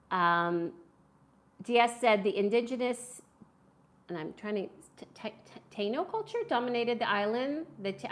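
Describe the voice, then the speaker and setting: A woman's voice: mid-range voice, a bit bright. A woman hosting a casual live-stream food review at home, chatty and enthusiastic as she reads viewer comments aloud. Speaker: food vlogger.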